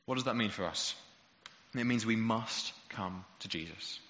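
A man's voice: fairly low pitch, moderate pace, sharp tone. A man preaching a sermon, emphatic and rhetorical, building to passionate peaks. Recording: dull echoey hall recording.

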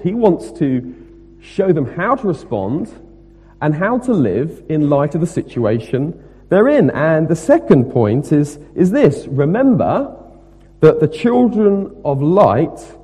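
A man preaching a sermon, emphatic and rhetorical, moving between loud stressed points and quieter asides. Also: on the high side, breathy edge. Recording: long reverb of a hall.

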